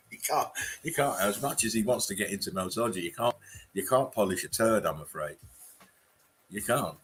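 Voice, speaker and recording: Laid-back man with bright tone. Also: mid-range voice, normal speed. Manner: relaxed and rambling, laughs often between remarks. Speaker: livestream host. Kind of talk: casual livestream chat greeting viewers.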